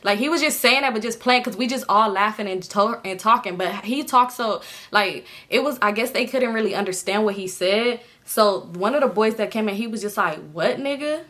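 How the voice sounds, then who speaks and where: A bright, forceful woman in her twenties spins a story straight to her viewers. She is animated and swears freely, and her voice leaps up high whenever she acts out someone else. Her pitch sits mid-range for a woman. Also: a little fast, hardly any pauses. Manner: animated, jumps high in pitch when acting out others. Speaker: storytime vlogger. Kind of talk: casual storytelling to camera.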